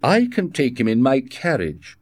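A man reading a storybook voices a cunning musketeer, speaking in a smooth, insistent way. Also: mid-range voice, huge pitch swings, a little slow, dry recording, studio quality, voice pushed up. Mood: persuasive. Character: cunning scheming male musketeer, persuasive.

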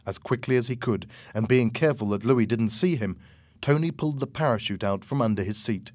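A man narrating an audiobook chapter in a slow, measured, clear reading. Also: mid-range voice, darkish tone, no room sound.

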